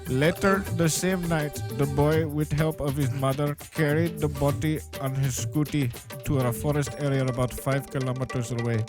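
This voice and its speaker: A man's voice: a little high, steady tone, normal speed, hardly any pauses. A man hosting a casual podcast, reading news aloud and teasing his co-host in a blunt, profane way. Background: music.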